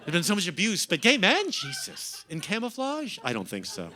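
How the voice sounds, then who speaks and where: Camp, lively American comedian. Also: male voice, high voice, very noisy. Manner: camp, teasing, quick and sardonic with the crowd. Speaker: stand-up comedian. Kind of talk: stand-up set, crowd work. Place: comedy club stage.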